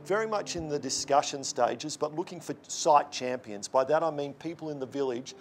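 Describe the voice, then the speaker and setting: A man's voice: on the high side, normal speed, soft background music. A man interviewed as a guest, speaking in an earnest, explanatory way. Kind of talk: casual interview talk.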